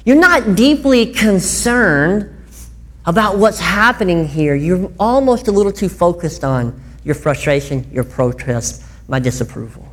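Animated woman preaching a sermon. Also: on the low side, measured pace. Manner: animated, chatty, asks listeners questions. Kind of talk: conversational sermon.

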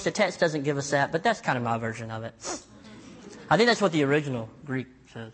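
A young man preaching a sermon as pastor, telling stories with lively acted-out voices and self-mocking jokes. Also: fairly high pitch, fairly quick. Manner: animated storytelling, acts out voices in quotes, self-mocking jokes.

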